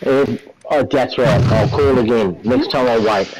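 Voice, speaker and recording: A man chatting excitedly with teammates while playing a war game. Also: medium pitch, a little slow, poor audio. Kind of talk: casual gaming chat.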